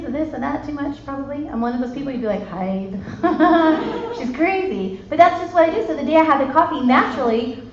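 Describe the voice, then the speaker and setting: A woman in her thirties giving a chatty, bubbly sales pitch to a live audience, calling them "you guys". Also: noisy background. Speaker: sales presenter. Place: meeting room with an audience. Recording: echoey, dull lo-fi room recording.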